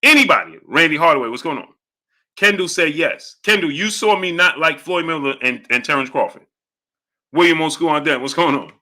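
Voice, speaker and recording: This boxing channel host runs a live stream with a somewhat high, expressive voice, talking a little fast with a sharp edge. He greets viewers by name and laughs hard between phrases while reading their comments.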